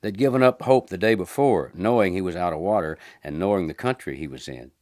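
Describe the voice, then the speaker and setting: A man narrating western short stories as an audiobook in an unhurried, low-key way. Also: a little mellow, no echo, clean studio sound.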